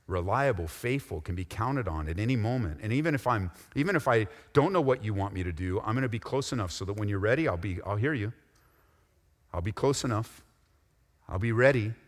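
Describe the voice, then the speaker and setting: A man preaching a sermon as a pastor, animated, acting out squabbling voices and dropping into soft, intense asides. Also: lowish voice, brisk. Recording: reverberant hall.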